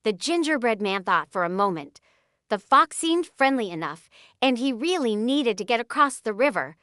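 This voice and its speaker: A woman narrating a children's storybook in an expressive, animated way. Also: fairly high pitch, moderate pace, clean tone, no echo, studio quality.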